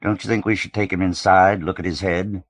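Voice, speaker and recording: A man reading the part of a polite, fussy gray-haired gentleman with a faintly British-tinged manner, in an audiobook. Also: sits low, little pitch movement, a little fast, no room sound, studio quality. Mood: concerned. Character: genteel gray-haired older gentleman, solicitous.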